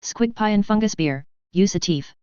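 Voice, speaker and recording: Woman reading as a gruff orc cook. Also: medium pitch, lively intonation, normal speed, warm tone, no room sound, lo-fi sound, close to an everyday voice. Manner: blunt, rough orc slang. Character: gruff male orc chef, big, short-tempered.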